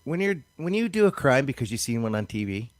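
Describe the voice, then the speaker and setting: A man's voice: medium pitch, very animated, fast talker, dry recording. A man chatting on a podcast, chiming in with short jokey remarks. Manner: jokey, chimes in with short quips. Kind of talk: casual chat.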